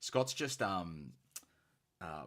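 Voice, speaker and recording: A man's voice: sits low, lively intonation, extremely slow, fairly bright tone. A man hosting a live hobby stream, chatty and jokey, greeting viewers with slang. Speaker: stream host. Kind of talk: casual live-stream banter.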